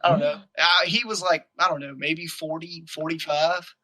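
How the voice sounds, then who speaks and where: A young man tells a story on a podcast. His voice is very bright and a touch high, and he swears constantly while acting out both sides of the argument. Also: moderate pace, low-quality recording. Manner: profane, animated, acts out quoted arguments. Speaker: podcast guest telling a story. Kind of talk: casual storytelling.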